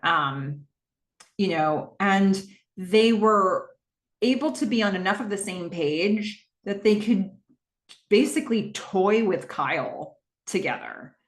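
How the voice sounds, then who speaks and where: Podcast host, woman, casual recap with an expressive, swinging pitch and a roomy sound. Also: slow. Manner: animated, narrates scenes and reads out dialogue.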